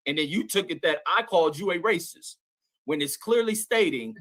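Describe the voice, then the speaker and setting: Bright, taunting male stream host. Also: fairly high pitch, animated, normal speed, dry recording. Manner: taunting, talks over the other man. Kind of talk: heated online argument.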